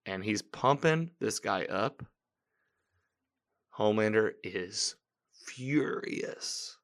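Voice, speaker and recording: A man with a fairly low voice hosts a podcast, talking through a TV episode in loose live-watch commentary. He recaps scenes in an animated, chatty way, quoting characters and chuckling as he goes. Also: very slow. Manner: chatty, animated recapping with laughs and quoted lines. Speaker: podcast host.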